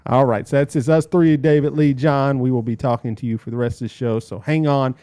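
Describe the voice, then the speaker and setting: A man's voice: mid-range voice, fairly even intonation, fairly quick, mellow, clear, resonant tone, dry recording, clean studio sound. A man hosting a casual podcast with his brother and a friend, with jokey, upbeat emcee patter. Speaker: podcast host.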